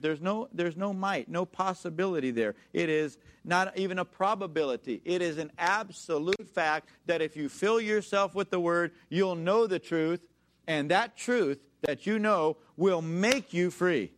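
A man preaching a sermon, repeating key phrases, reading scripture slowly and calling on the congregation to answer back. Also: high-pitched. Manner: calls for congregation responses.

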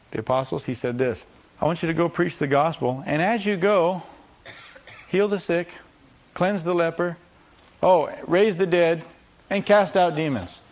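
A man's voice: a little high, a little mellow. A man preaching a sermon, acting out scripture voices and repeating phrases for emphasis.

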